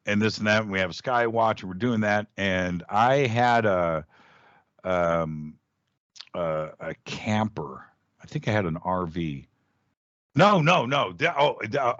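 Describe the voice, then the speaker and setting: Middle-aged male radio host as a guest, low voice, lively anecdote teller with plenty of restarts; dull, dry recording. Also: no room sound. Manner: animated storyteller, jumps up in pitch when acting out quoted speech, frequent restarts. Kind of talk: casual storytelling in a podcast interview.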